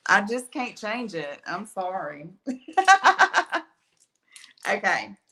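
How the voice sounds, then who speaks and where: A woman's voice: fairly low pitch, expressive, takes it slowly, bright, forceful tone. A woman with an Alabama accent giving a chatty, folksy live painting tutorial, with a slight lingering cough. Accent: Alabama Southern US. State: lingering cough after being ill. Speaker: art instructor.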